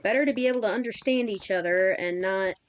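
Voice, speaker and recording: A woman's voice: medium pitch, fast, clean tone. A woman in her thirties chatting casually and rambling with fillers while streaming a game. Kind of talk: casual chat while gaming.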